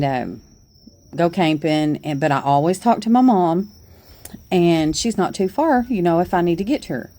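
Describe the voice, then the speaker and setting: A woman's voice: lowish voice, dark tone. A middle-aged woman telling a story on her porch in a chatty, folksy way, laughing along. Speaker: vlogger. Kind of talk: casual storytelling.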